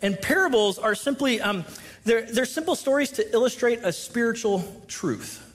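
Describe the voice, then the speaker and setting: A man's voice: very high voice, animated, moderate pace, fairly bright tone, husky. A male pastor preaching a conversational sermon, reading scripture aloud and explaining it with sudden drops and rises in volume.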